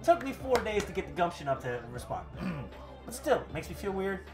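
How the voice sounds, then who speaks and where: A young man co-hosting a casual wrestling podcast, animated and laughing often as he reads and acts out quotes. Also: high-pitched, a little fast, music in the background. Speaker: podcast co-host.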